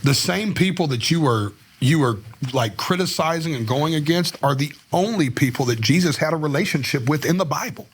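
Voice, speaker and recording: A man's voice: on the high side, expressive, fairly quick, hardly any pauses, a little hiss or hum. A man, a guest musician telling stories in a candid, rambling, slangy way full of "like" fillers, recorded on a studio microphone. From Tennessee, US. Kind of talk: casual storytelling interview. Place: podcast studio.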